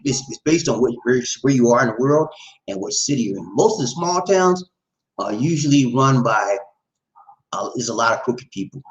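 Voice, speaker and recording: A middle-aged man hosting a casual livestream, with a lively pitch that swoops as he talks. He chats loosely, reads viewer names and laughs often. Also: muffled recording. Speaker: livestream host.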